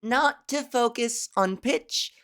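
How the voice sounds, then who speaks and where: A woman hosting a casual solo podcast, rambling and self-mocking, laughing at her own jokes while working on a softer voice. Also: a little high, takes it slowly, clean tone. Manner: practicing a softer voice with resonance and inflection. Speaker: podcast host. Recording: fan blowing near the microphone.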